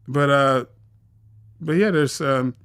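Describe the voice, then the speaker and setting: A man's voice: medium pitch, takes it slowly, fairly bright tone, smooth, dry recording, clean studio sound. A man appearing as an actor guest in a casual interview, playful and evasive, often restarting his sentences.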